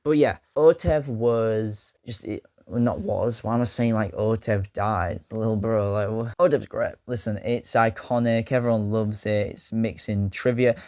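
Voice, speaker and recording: A man's voice: lowish voice, steady tone, normal speed, few pauses, a little mellow, no echo, clean studio sound. A man hosting a casual vlog, talking in a rambling, joking way with self-mocking asides. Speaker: YouTube host.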